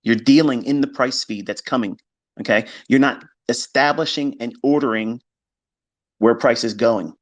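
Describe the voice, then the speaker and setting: Man, mid pitch, blunt and profane, casual monologue to a live audio audience. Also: moderate pace. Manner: blunt, emphatic, swears, mimics skeptics in quoted asides. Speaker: trading educator hosting a live audio space. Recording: live audio chat stream.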